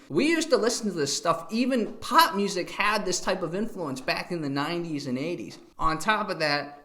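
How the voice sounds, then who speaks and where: A man giving excitable, animated reaction commentary on a video clip. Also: high voice.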